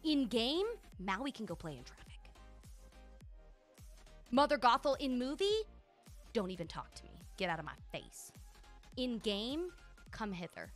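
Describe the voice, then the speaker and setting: A young woman streaming a video game live, chatting casually in a gushing, animated way, full of "like" and "dude". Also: a little high, a little slow, pauses often, soft background music.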